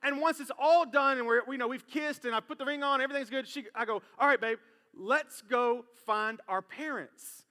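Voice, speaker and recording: A man's voice: very high-pitched, moderate pace. A man preaching a sermon in a church, telling a personal story and acting out the voices in it. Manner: animated, acts out voices in his story. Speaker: pastor. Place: church sanctuary. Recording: long hall reverb in church.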